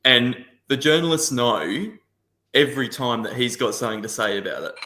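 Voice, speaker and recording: A man talks about football with a bright, forceful voice, full of passion but often circling back and restarting his sentences. He sounds like he is in an echoey room, on a casual podcast panel over a video call. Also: medium pitch, normal speed. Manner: passionate, rambling with frequent restarts.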